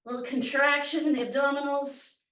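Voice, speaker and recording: Leading a workout class, this breathless female fitness instructor cues moves and counts down reps in a high, bright-ish voice that stays fairly flat in pitch and runs a little fast. She's picked up by a distant mic in an echoey room.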